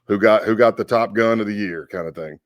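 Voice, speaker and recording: A man telling stories in a casual podcast interview, animated, acting out quotes and laughing often. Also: on the low side, fairly quick, dry recording, dull audio. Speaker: guest, former FBI agent.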